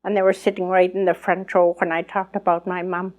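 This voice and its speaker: A woman's voice: fairly low pitch, little pitch movement, brisk, a little mellow. An older woman, an elder speaking at a conference, telling her life story in earnest and acting out remembered conversations. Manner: earnest, acts out remembered dialogue. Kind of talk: personal storytelling testimony.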